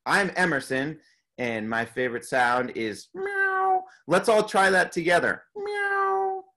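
A man leading a beatboxing workshop over a video call, upbeat and playfully imitating animal sounds in a high voice. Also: big pitch swings, a little slow, sharp tone. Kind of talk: leading an online group session.

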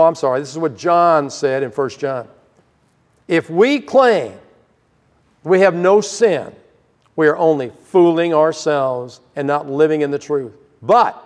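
An older man preaching a sermon as pastor, earnest and emphatic, with sudden rises in pitch for stress. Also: big-room sound.

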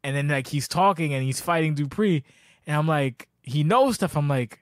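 A man's voice: fairly high pitch, expressive, moderate pace, no echo, studio quality. A man hosting a casual podcast, telling long profane stories with lots of restarts. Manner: profane, rambling storyteller. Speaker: podcast host.

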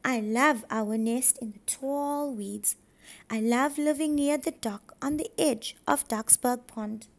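A gentle little duck, sorrowful and soft-spoken, as a woman reads him aloud. The voice sits high, moves slowly and has a gravelly edge. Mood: wistful. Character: sad gentle young male duck.

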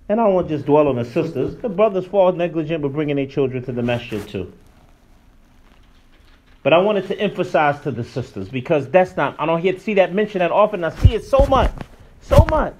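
A man giving a religious lesson in a loose, conversational way with emphatic bursts. His voice sits high for a man. It swings widely in pitch as he presses his points. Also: fairly quick, a little hiss or hum. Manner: animated, colloquial, emphatic preaching. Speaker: Islamic teacher.

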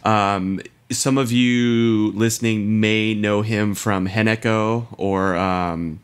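A young man on a casual podcast with a lowish voice, talking loosely and rambling through his points. He stumbles over his words with plenty of fillers and laughs at himself. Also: fairly even intonation, takes it slowly, clean tone. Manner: rambling, lots of fillers, admits being drunk. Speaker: podcast co-host. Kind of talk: casual chat.

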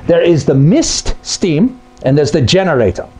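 A man's voice: on the high side, sing-song, normal speed, darkish tone, slightly rough, faint music behind. A man who repairs appliances, explaining a topic to camera in a blunt, conversational way. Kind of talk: explainer video.

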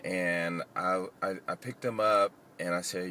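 A man with a very low voice tells a story in a loose, rambling way, stopping and restarting with plenty of fillers. Loud traffic and car noise run behind him outdoors. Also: steady tone. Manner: rambling, halting, lots of fillers. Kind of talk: casual storytelling.

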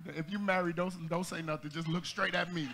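A man preaching an energetic church sermon, calling out to the congregation and rising into shouts as he jokes and exhorts. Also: high voice, a little fast. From United States. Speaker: pastor.

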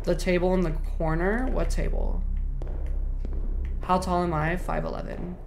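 A woman's voice: on the low side, flat delivery, measured pace, gravelly, slight background noise. A woman streamer commenting on gameplay live, reacting to chat with slang and swearing.

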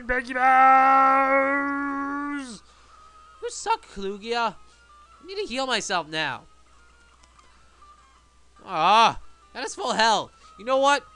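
Guy playing a game and yelling at it, clear smooth voice, faint music behind. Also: high voice, slow, long pauses. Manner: excitable, shouts and pleads at the game. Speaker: let's play gamer. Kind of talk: casual game commentary.

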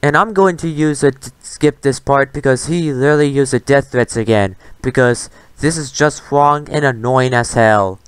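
A man's voice: mid-range voice, normal speed, few pauses, clean tone, dry recording. A man hosting a reaction commentary, talking back at a clip in a defiant, retorting rant. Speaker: commentary host.

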